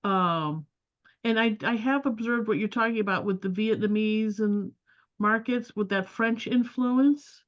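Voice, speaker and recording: A woman's voice: medium pitch, a little slow. Hesitant woman moderator, dull lo-fi sound. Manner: hesitant, rambling with fillers. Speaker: moderator reading questions. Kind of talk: casual Q&A chat.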